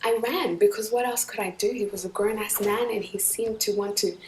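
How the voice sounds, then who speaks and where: A woman recounting personal experiences in an earnest, animated way. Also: medium pitch, fairly quick. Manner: earnest, animated, acts out other voices. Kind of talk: personal storytelling. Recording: echoey room, distant from the mic, faint noise.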